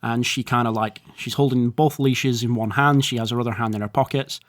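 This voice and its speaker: A man's voice: medium pitch, fairly even intonation, brisk. A man narrating as game master, rambling and descriptive with fillers.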